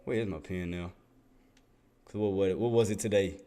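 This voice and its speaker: Over some background noise, a day trader on a live stream talks casually and excitedly about his trades, laughing with his chat and muttering while hunting through his screen. His voice is low-pitched and brisk.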